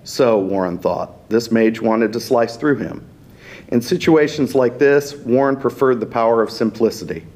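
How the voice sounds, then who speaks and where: A man, an author, reading his fantasy story aloud in a steady, unhurried narration. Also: medium pitch.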